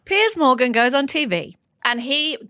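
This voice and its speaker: A woman's voice: high-pitched, unhurried, no echo. Opinionated woman host, close and dry. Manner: animated, opinionated storytelling. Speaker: podcast host. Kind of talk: casual chat.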